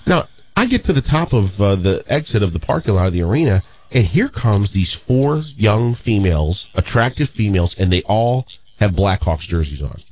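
A man in his fifties from St. Louis telling a long story in a casual, animated way, often restarting his sentences. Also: fairly low pitch, normal speed, lo-fi sound. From St. Louis, Missouri.

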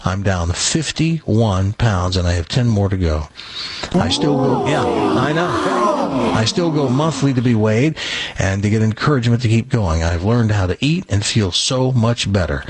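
A man's voice: fairly low pitch, expressive, normal speed, darkish tone, slightly rough, no room sound. A man from Tennessee hosting a radio talk show in a studio, chatty and folksy.

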